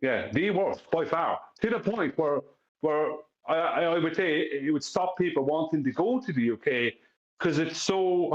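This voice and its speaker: A man's voice: a little high, expressive, measured pace. An Irish man chatting on a live stream, emphatic and repetitive, often asking if you follow him. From Ireland. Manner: emphatic, repeats himself, keeps asking "you know what I mean". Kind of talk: casual live-stream chat. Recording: echoey, dull lo-fi audio.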